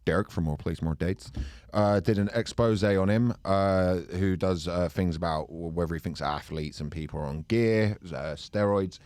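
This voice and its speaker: A man's voice: deep voice, moderate pace, hardly any pauses, darkish tone, no echo. A man co-hosting a podcast, crude and jokey, rambling through casual banter. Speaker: podcast co-host.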